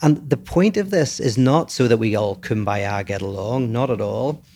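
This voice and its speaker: Northern Irish male co-host, reflective, lecturing, mid-pitched voice, casual podcast chat. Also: moderate pace, a little mellow. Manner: thoughtful, lecturing, restarts mid-thought.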